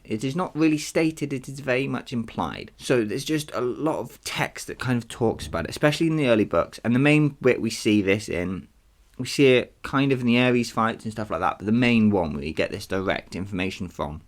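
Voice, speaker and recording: Chatty, self-deprecating podcast host. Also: medium pitch. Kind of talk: casual solo podcast commentary.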